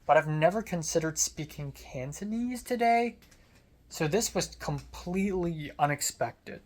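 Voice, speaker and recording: A young adult vlogger with an American accent rambles through a story. The delivery is sardonic and casual, peppered with quick asides. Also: mid-range voice, darkish tone.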